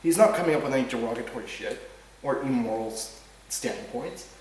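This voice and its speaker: A man's voice: medium pitch, brisk. A man hosting a talk show, talking in a heated, rambling way, often restarting words and swearing. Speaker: podcast host. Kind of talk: casual ranting monologue. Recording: very echoey room, distant mic.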